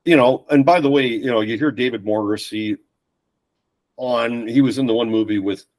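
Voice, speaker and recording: Man, podcast guest, casual storytelling, animated, quotes voices, mid-pitched. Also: moderate pace, poor audio.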